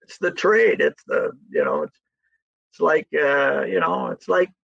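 A man's voice: on the high side, big pitch swings, unhurried, vocal fry, a bit bright, breathy edge, dry recording. A man chatting casually about sports as a guest, rambling and chuckling through stories. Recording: muffled lo-fi line.

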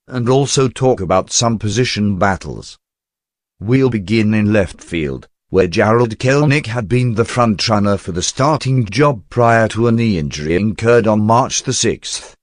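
A stuffy, fussy male secretary, as a man puts him on reads sports news in stiff, carefully precise phrasing, at a mid pitch. The voice sounds dry and close, with no room around it. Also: dry recording, close to an everyday voice. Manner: stiff, formal, precise diction. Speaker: fill-in podcast host. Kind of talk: scripted comic sports talk.

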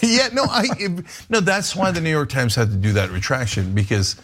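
A man's voice: a little high, brisk, a bit bright. A middle-aged man hosting a casual political podcast chat, emphatic and laughing often. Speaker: podcast host.

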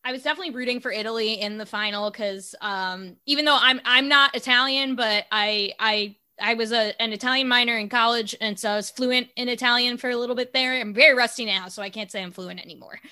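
A woman's voice: fairly high pitch, quick pace, few pauses, sharp tone, clean tone. A young woman from the United States in casual, frank podcast chat. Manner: chatty, frank, wry.

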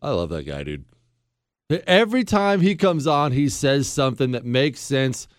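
A man hosting a talk radio show, joking sarcastically and swinging between mock outrage and quiet earnest talk into a studio mic. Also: medium pitch, big pitch swings, moderate pace, no room sound. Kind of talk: conservative talk radio monologue. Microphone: studio microphone.

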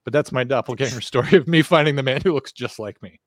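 A man guesting on a podcast, casually telling a rambling, animated anecdote with plenty of swearing. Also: mid-range voice, quick pace, no room sound, clean studio sound.

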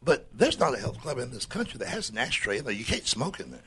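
A man's voice: medium pitch, fast, breathy edge. An older man telling wry comic stories as a guest on a radio talk show, drawling and grumbling. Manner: drawling, wry, grumbling, lively with mock voices. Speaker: comedian guest. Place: radio studio.

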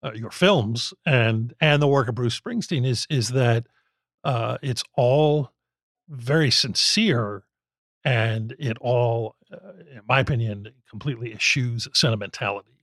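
A man hosting an interview podcast, talking in a halting way and searching for his words. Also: medium pitch, fairly bright tone, dry recording, clean studio sound. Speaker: podcast host. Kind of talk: interview conversation.

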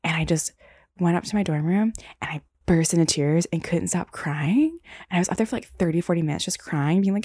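A woman's voice: lowish voice, brisk, warm tone, dry recording, clean studio sound. A young woman hosting a solo podcast, telling stories casually with lots of "like" and "um". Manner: casual, rambling, frequent "like" and "um". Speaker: podcast host.

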